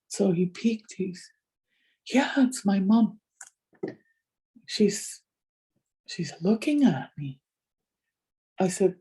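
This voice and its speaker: An older woman, a community elder, telling a personal story with lively quoted exchanges. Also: lowish voice, normal speed, long pauses, breathy edge. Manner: animated retelling with many quoted exchanges. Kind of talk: storytelling talk.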